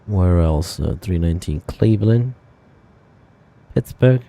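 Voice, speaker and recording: A man chats casually with his stream audience, thinking aloud and correcting himself as he goes. His voice sits somewhat low, with a warm, mellow, unhurried sound. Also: expressive, creaky. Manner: thinking aloud, rambling with fillers and self-corrections. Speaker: flight sim streamer. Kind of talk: casual live-stream chat.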